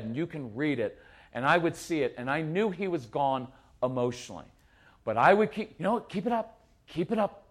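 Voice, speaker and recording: A middle-aged man giving a conversational parenting talk to a live audience, acting out a yelling dad in quick quoted bits. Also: fairly high pitch. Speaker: parenting speaker.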